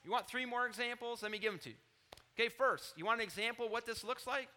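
A man in his thirties preaching a sermon as pastor, animated, rising loud on scripture quotes and dropping low to confide. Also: fast talker.

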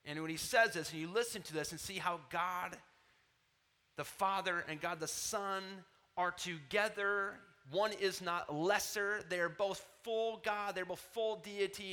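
A man delivering a sermon with a bright, ringing voice pitched a little high. His preaching swells to emphatic peaks and drops to soft, tender asides. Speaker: pastor.

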